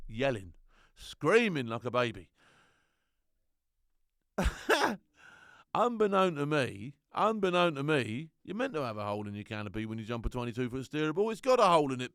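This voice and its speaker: Animated man telling stories. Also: on the high side, clear, resonant tone, no echo, clean studio sound. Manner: animated storyteller, laughs often, slangy. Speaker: former soldier telling war stories. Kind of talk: casual anecdote.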